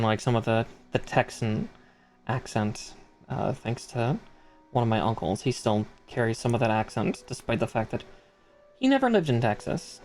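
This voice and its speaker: A man's voice: medium pitch, a little mellow. Chatty man streaming a model build. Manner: chatty, laughs often, reads out part numbers. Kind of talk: casual live-stream chat.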